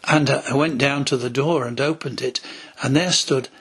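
A man's voice: medium pitch, steady tone, normal speed, fairly bright tone, husky. A man preaching a sermon as a pastor, telling stories and acting out quoted voices, sometimes dropping to a whisper.

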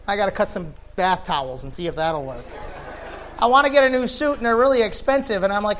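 A tired man preaching a sermon, reading scripture and swinging from loud emphatic peaks to low quiet stretches. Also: expressive, fast talker. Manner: sweaty and laughing at himself between scripture readings. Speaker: pastor.

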